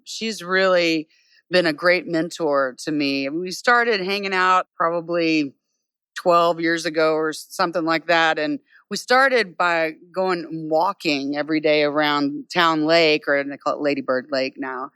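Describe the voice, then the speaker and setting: A woman's voice: fairly low pitch, unhurried, clear, resonant tone, no room sound. A woman singer-songwriter talking casually and enthusiastically as an interview guest, on stage at a bar. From United States. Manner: easygoing, enthusiastic, warm praise.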